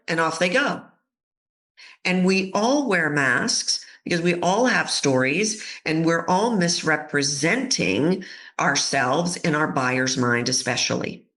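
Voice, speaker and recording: A woman's voice: sits low, moderate pace. A woman voice coach giving an interview on a podcast, talking expressively and acting out the voices of people in her stories. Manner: expressive, acts out quoted voices. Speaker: voice coach guest.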